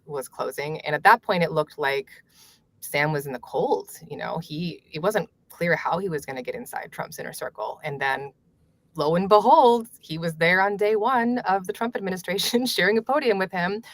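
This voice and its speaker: A woman author being interviewed, answering in a measured way with light laughs and frequent fillers. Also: low voice, dry recording. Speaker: author and journalist guest. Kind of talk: conversational interview.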